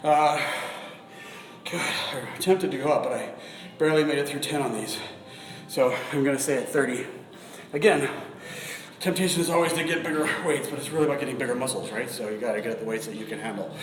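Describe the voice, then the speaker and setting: A man's voice: medium pitch, fairly quick. A man in his forties chatting casually through a live-streamed workout, swearing now and then and breathing heavily between sets. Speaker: fitness vlogger. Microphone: phone camera. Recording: echoey room with long reverb.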